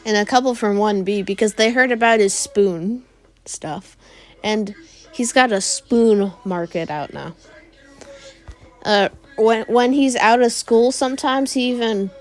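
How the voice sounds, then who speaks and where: A woman's voice: on the high side, unhurried, soft background music. A woman improvising a comedic fan-fiction story, narrating in a rambling way with frequent fillers.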